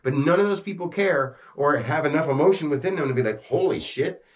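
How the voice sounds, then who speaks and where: A man talking intensely to a camera, amped up and agitated, swearing and swinging between rushed bursts and slow, heavy emphasis. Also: fairly high pitch, lively intonation. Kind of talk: rambling talk to camera.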